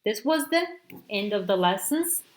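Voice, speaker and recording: A woman's voice: medium pitch, lively intonation. A woman teacher giving a recorded grammar lesson, explaining examples step by step and often checking with "okay". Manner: slow, deliberate explaining with frequent "okay" checks. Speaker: English teacher.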